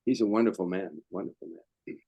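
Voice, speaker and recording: Low-voiced older man telling stories. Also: brisk, vocal fry, mellow, breathy edge, no echo, muffled recording. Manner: rambling, repeats words, restarts. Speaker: guest comedian. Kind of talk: anecdotal storytelling.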